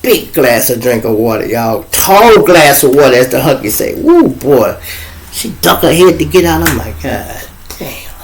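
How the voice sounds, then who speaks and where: Gravelly Chicago man telling street stories. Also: medium pitch, big pitch swings, moderate pace. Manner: raw street talk, loose and joking, acts out voices in quotes. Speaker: show host. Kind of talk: casual storytelling monologue.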